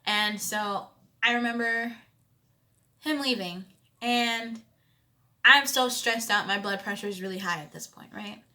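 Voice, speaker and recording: A young woman with a bright, forward tone tells a personal story straight to her viewers. She talks in an animated, conversational way, often checking in with "you know what I'm saying," and now and then jumps into loud emphatic bursts. Her pitch sits right in the middle for a woman. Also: a little slow, long pauses. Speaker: vlogger. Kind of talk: storytime vlog.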